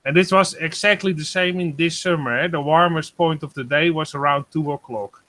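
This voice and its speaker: A man on a group video call, talking about the weather at his home, hesitant and full of pauses. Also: fairly high pitch, bright, forceful tone. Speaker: guest giving a weather report. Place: home in Germany.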